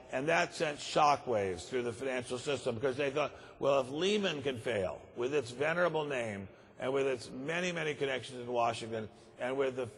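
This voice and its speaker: An older man with a medium-pitched, slightly rough voice delivers a keynote in a large conference hall, and the recording carries that big-room sound. His tone is grave and emphatic, and he repeats words to stress them.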